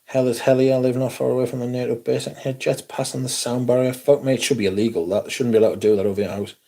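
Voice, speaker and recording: A man's voice: mid-range voice, steady tone, quick pace, mellow. A man hosting a livestream, chatting casually in a sweary, rambling way. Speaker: fragrance livestream host.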